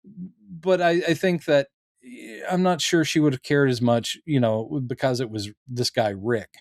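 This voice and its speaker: A man's voice: mid-range voice, a little slow, vocal fry, no echo, clean studio sound. A man co-hosting a podcast, casually talking through a TV episode and often acting out the characters' lines. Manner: animated, acts out characters' lines in quotes. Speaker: podcast co-host. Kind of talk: casual discussion of a TV show.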